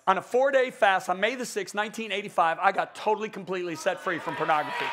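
A man in his sixties preaching a passionate conference sermon, repeating words in bursts and swinging from hushed to loud. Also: high-pitched, quick pace, few pauses, crowd noise, noisy background. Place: large church conference stage.

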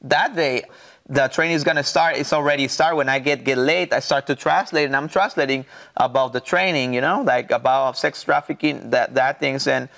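A pastor from Mexico telling his testimony in halting, earnest English with a Mexican Spanish accent. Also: mid-range voice, fairly even intonation, creaky, fairly bright tone. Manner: earnest, halting non-native English with repeated restarts. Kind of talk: personal testimony in an interview.

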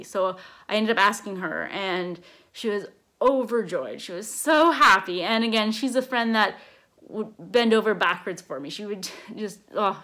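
A young woman talking to her camera in a casual vlog, halting and emotional, with many restarts. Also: mid-range voice. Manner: tired, quiet late-night talk. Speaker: vlogger, bride-to-be.

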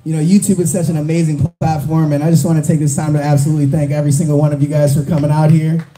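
Young guy, slightly high pitch, halting fan-event storyteller, echoey hall with crowd. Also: little pitch movement, mellow. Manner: halting, many fillers and restarts. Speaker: YouTube reseller, cohost. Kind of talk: casual speech at a live fan event.

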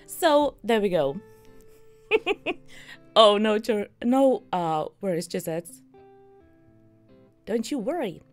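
A woman's voice: mid-range voice, big pitch swings, slow pace, pauses often, soft background music. A woman streamer giving chatty, upbeat commentary while playing a game, chuckling often. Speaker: let's play streamer. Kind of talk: casual gameplay commentary.

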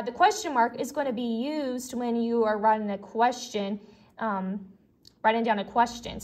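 Young female teacher, slightly high voice, friendly and explanatory for small kids, natural fillers and restarts. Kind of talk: recorded elementary classroom lesson.

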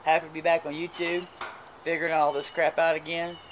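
A man's voice: a little high, little pitch movement, fairly quick, noisy background. A man chatting casually while cooking outdoors at a grill, crude and joking, stumbling over his words. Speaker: cooking vlogger. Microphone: camera mic.

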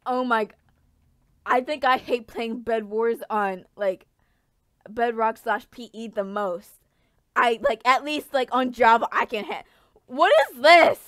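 A young woman giving casual gameplay commentary, animated, swinging from low mumbles to yelling. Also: a little slow, no room sound. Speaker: gaming YouTuber.

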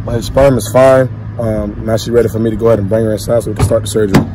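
A man's voice: fairly low pitch, little pitch movement, very fast, background noise. A young man casually vlogging outdoors as a dog breeder, slangy and loose, talking straight to his viewers. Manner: loose, chatty, addresses viewers directly. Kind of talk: casual slangy talk to camera.

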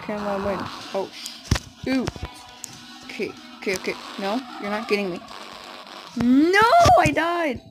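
A young woman giving casual, excitable commentary while playing a video game, often squealing and giggling. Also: mid-range voice, moderate pace, over loud music, poor audio. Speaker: gamer.

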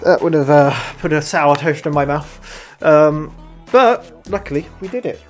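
A gaming channel host giving let's play commentary, excitable, laughing often and talking to themselves. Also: medium pitch, moderate pace. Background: game music.

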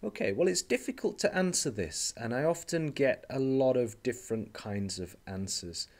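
Man, mid-pitched voice, teacher giving a slide lecture, patient and explanatory, slows down on key terms, keeps asking okay. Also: expressive, darkish tone. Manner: explanatory, checks in often with "okay?"; speaks slowly on key terms. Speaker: language teacher trainer.

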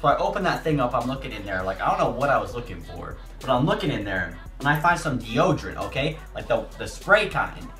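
Young male YouTuber, lively storyteller, jokey, echoey room with faint music. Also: medium pitch, brisk, few pauses. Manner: animated, acts out voices, jokey asides. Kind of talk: casual storytime.

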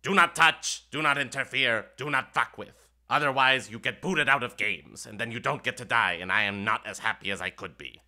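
A man's voice: mid-range voice, normal speed, few pauses, bright, forceful tone. A man voicing a grumpy, scheming male imp guide who talks in clipped, broken English and scorns the heroes. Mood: bossy. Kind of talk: tabletop game voice acting.

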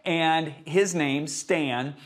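A man's voice: on the high side, very slow. A male preacher giving a sermon, telling a personal story and acting out the conversations in it.

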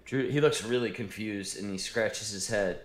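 A man's voice: lowish voice, moderate pace, roomy sound. A man narrating as game master of a tabletop game, rambling with plenty of fillers.

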